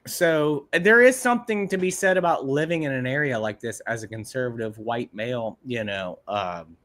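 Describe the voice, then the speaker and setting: Ranting profane streaming host. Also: male voice, moderate pace. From Ohio, USA. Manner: profane, ranting, animated swings in pitch. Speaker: podcast co-host. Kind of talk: casual livestream chat.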